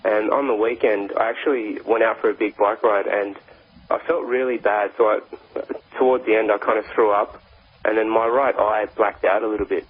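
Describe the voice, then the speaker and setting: A man's voice: on the low side, steady tone, a little fast, slightly rough. A man with an Australian accent calling a radio show, asking his question in a polite, hesitant way. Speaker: caller. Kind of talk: phone-in question. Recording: dull lo-fi radio call.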